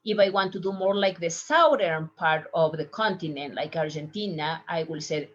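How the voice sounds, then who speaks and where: A woman teaching Spanish to healthcare workers, saying each word slowly three times for listeners to copy. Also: on the low side, highs cut off. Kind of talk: language lesson for healthcare workers.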